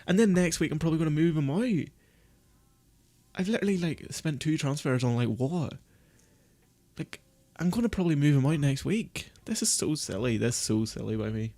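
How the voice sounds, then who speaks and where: Male live streamer, gravelly mid-pitched voice, dry close sound; frets and scolds himself. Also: dark tone, no room sound. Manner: panicky, self-berating, swears. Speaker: fantasy football streamer. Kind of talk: casual live-stream chat.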